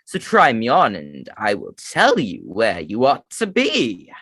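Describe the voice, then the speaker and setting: Boastful old sorting hat, a guy putting it on, sing-song rhyme, swoopy pitch, dry close sound. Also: huge pitch swings, unhurried, a bit bright, slightly rough, no room sound, exaggerated voice. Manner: reads rhyming verse with a put-on British accent.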